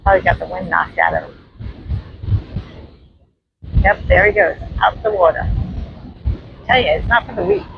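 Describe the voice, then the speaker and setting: Gravelly New York woman vlogging on the beach. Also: fairly low pitch, wildly swooping pitch, a little fast, highs cut off. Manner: chatty, addresses viewers as friends. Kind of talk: casual walking vlog narration. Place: outdoors on a windy beach. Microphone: handheld phone camera. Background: faint surf and wind.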